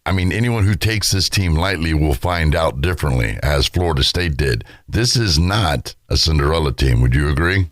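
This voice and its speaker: A man with a very deep voice hosts a morning radio interview. He heaps praise on his guest in an effusive way. The sound is dry and close to the mic. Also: moderate pace, hardly any pauses, fairly bright tone, no room sound. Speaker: radio morning show host.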